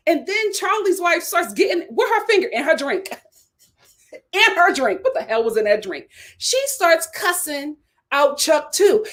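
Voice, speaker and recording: A woman hosting a reality TV review, recapping episodes in animated casual commentary. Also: high voice, measured pace. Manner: animated storytelling with acted quotes and laughter.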